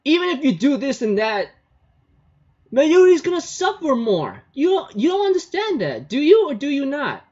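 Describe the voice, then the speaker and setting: A man voicing a fierce young woman scientist, talking in rapid, high-strung pleas, on a dull lo-fi recording. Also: wildly swooping pitch, a little mellow, full character voice. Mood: upset pleading.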